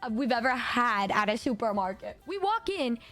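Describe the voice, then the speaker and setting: A woman streamer telling a story in a casual, giggly, excitable way. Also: a little high, moderate pace. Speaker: VTuber streamer.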